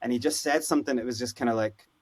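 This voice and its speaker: Husky-voiced Scottish man telling stories. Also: mid-range voice, very fast. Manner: animated, acts out quoted voices, lots of "you know, like". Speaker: guest. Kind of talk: casual storytelling interview.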